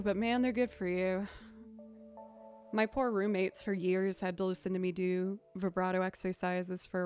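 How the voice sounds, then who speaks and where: A woman's voice: lowish voice, darkish tone. A young adult woman hosting a casual livestream as a violinist, chatty and laughing often as she thanks viewers.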